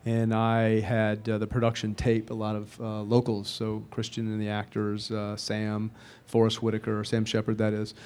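Male director for a press junket: low, mellow, deliberate voice with little melody. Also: monotone, clear, resonant tone. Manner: measured, deliberate, with occasional fillers. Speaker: film director and writer. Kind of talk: press interview answers.

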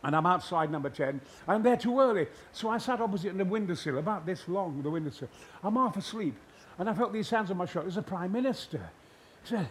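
An older man from Yorkshire, a guest telling stories in a booming, theatrical way that bursts into shouted lines. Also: expressive, fast talker, slight background noise. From Yorkshire, England. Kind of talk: anecdotal storytelling.

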